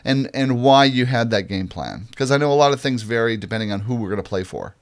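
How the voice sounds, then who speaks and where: A man from Minnesota hosts an interview show in casual chat. His voice sits at a middle pitch, and he talks in a loose, rambling way, often starting his sentences over. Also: animated, fast. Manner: chatty, rambling with many restarts. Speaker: show host.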